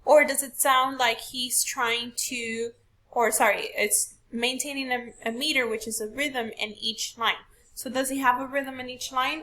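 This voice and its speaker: A woman's voice: on the high side, bright, forceful tone. A woman teacher walking a class through a poetry question, patient and step by step, asking rhetorical questions. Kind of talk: recorded classroom lesson.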